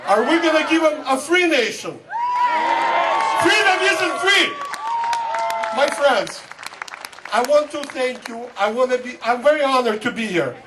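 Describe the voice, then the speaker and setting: A man's voice: very high voice, a little fast, few pauses. A man from Russia, giving a fervent speech to a crowd at an outdoor rally and repeating a slogan. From Soviet Union (Russia). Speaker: guest speaker at a political rally. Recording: distant mic, loud crowd and noise.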